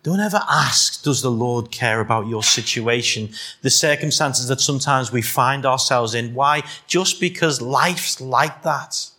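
Bright-voiced Scouse preacher. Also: male voice, medium pitch, unhurried. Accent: Liverpool (Scouse). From Liverpool, England. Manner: rhetorical questions to the congregation, teasing asides. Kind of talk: sermon.

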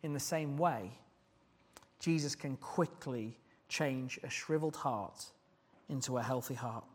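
A man's voice: medium pitch, measured pace. A man preaching a sermon, earnest and putting questions to the congregation.

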